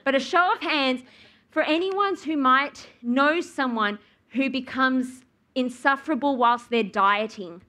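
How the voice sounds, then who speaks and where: A woman's voice: high-pitched, unhurried, bright, forceful tone. A young woman preaching a sermon, telling a personal story and acting out her own reactions. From Australia. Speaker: speaker at church.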